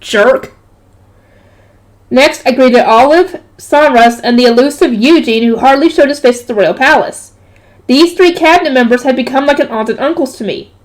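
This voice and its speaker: A woman's voice: high-pitched, moderate pace. A woman reading a light novel aloud, stopping often to add casual jokey comments. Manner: breaks off to comment and joke. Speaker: reader.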